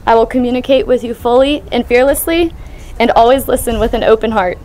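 A young woman in her twenties, a bride, speaking her wedding vows in a soft, sincere way. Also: on the high side, fairly quick, slight background noise. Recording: with faint music over it.

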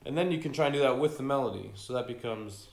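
A man teaching a casual fiddle lesson in a relaxed way, humming rhythms and using many fillers. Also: mid-range voice, fast, vocal fry, loud music behind the voice. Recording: echoey room with fiddle playing.

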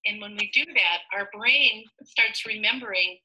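A woman giving a gentle online lesson to young children about making sounds with the mouth. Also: medium pitch, normal speed, few pauses, low-quality recording.

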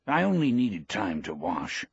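A man reading the part of an elderly, proud, gentle fisherman, speaking plainly and quietly. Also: lowish voice, huge pitch swings, a little slow, creaky, breathy edge, no echo, dull audio, heavily acted.

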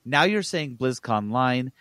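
A man's voice: mid-range voice, unhurried, no echo. Dry-miked man ranting about gaming. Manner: animated, jokey, emphatic rants. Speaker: podcast co-host. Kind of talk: casual gaming podcast banter.

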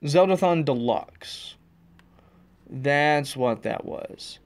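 A man hosting his own casual podcast, rambling and self-deprecating, talking with excitable energy, recorded while in his car. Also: on the high side, drawn-out words. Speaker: podcast host. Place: in a car on the road.

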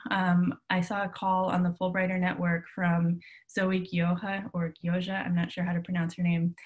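A woman leading a live online workshop, talking casually over a video call with many ums and restarts. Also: fairly low pitch. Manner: casual, filler-heavy, with frequent restarts. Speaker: workshop leader. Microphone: computer mic on a video call.

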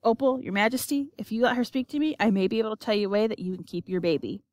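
A woman's voice: mid-range voice, fast, a little mellow, dry recording, pitched above the performer's own voice, natural voice. A woman reading an audiobook, voicing an anxious, trapped young man who talks in a pleading way.

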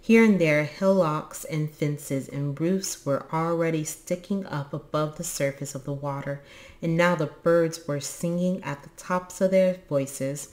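A woman reading a children's book aloud in an expressive, lively way. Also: deep voice, a little slow. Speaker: storybook reader.

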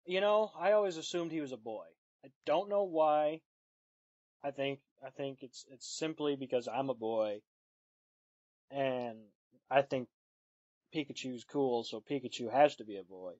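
A man's voice: mid-range voice, a little slow, darkish tone, no room sound. A man co-hosting a casual podcast, making dry jokes and swearing casually. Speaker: podcast co-host. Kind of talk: casual chat recapping an episode. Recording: dry, dull lo-fi audio.

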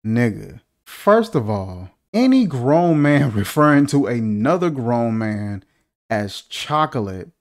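Guy reacting to an old movie, joking, baffled, lots of rhetorical questions, lively up and down voice. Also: medium pitch, slow pace. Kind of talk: casual movie reaction commentary.

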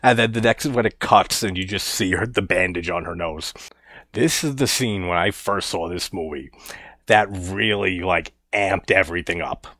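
A man's voice: low voice, normal speed, sharp tone, no echo. A man casually reviewing a horror movie, laid-back and chuckling as he recounts scenes.

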